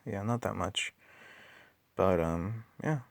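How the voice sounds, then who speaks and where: Raspy man, just out of bed, deep gravelly voice, dry close sound; casual game commentary, muttered calculations. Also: takes it slowly, dry recording. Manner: thinks aloud with many ums and self-corrections. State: just woke up. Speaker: mobile game player.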